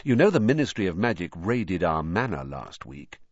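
A scornful, snobbish teenage boy, as a man voices him in an audiobook. He is lively, quick and sneering. The recording is dull and dry. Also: low voice, no echo, voice pushed down. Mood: boastful.

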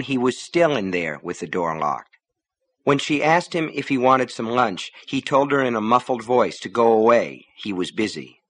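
A man reading a novel aloud as narrator, in measured storytelling. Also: mid-range voice, a bit bright. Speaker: audiobook narrator. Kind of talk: scripted narration.

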